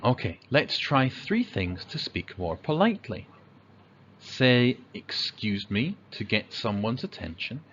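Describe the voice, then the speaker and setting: Slow, lively male teacher. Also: muffled recording, a little hiss or hum. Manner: slow, clear, acts out examples in a high child's voice. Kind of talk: children's lesson on manners.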